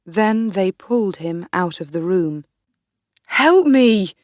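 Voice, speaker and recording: Slow, measured woman reading a story. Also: on the low side, darkish tone, dry recording, studio quality. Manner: clear, measured. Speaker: audiobook narrator. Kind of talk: first-person story reading for learners.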